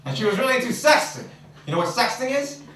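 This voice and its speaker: A young man from the Philippines works a comedy club crowd in a high, animated voice, shouting some punchlines. He sounds echoey and distant, recorded from across the club, with clear background noise. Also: fast talker. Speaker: stand-up comedian. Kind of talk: stand-up comedy set.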